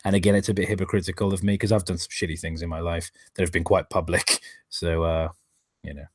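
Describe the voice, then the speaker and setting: A man's voice: deep voice, flat delivery, quick pace, dry recording. A man reading aloud and commenting on a live stream, exasperated, sarcastic and swearing often, who stops now and then to thank viewers for donations.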